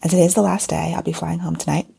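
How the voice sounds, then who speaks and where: Hoarse woman with a gravelly voice. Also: lowish voice, little pitch movement, racing, dark tone. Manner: chatty, rambling with fillers and restarts. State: hoarse, losing her voice. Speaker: podcast host. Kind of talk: casual podcast monologue. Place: at a convention, indoors.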